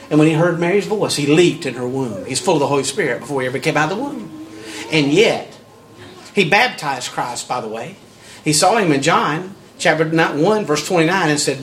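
A man preaching a sermon in a lively, storytelling way, often repeating words as he builds up. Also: on the high side, a little hiss or hum. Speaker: pastor.

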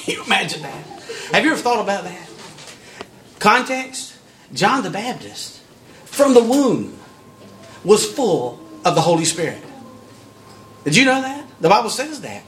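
Animated preacher, slightly high voice. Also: male voice, a little hiss or hum. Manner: animated, storytelling, repeats words when building up. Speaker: pastor. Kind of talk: sermon.

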